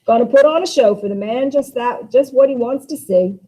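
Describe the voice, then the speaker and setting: A woman's voice: a little high, normal speed, mellow, voice pushed up, close to an everyday voice. A woman reading Walter, a bitter, impassioned young man. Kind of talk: dramatic play reading. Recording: dull lo-fi recording.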